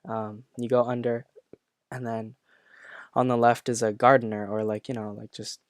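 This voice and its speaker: Young guy talking slow and halting, lots of ums, kinda choked up, flat voice, dry sound. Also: mid-range voice, dry recording. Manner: halting, full of fillers and restarts, earnest. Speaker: former classmate sharing memories. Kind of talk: personal reflective talk.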